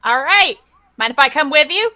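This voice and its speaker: A woman's voice: high-pitched, animated, normal speed, pushed and bright. A woman player speaking as her character in a tabletop game, friendly and eager to help.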